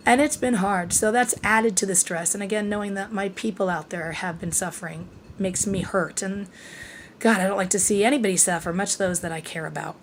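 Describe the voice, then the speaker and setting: A woman's voice: mid-range voice, a little hiss or hum. A middle-aged woman talking candidly to her vlog audience, short of breath and with a worn voice, swearing freely and trailing off mid-thought. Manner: frank and confiding, swears freely, trails off and restarts. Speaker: vlogger.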